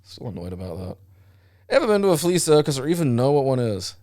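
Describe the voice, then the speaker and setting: A man's voice: medium pitch, fast talker, dry recording, studio quality. A man with an Australian accent, co-hosting a podcast in casual, rambling, sweary chat. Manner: sweary, rambling, animated storytelling. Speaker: podcast co-host.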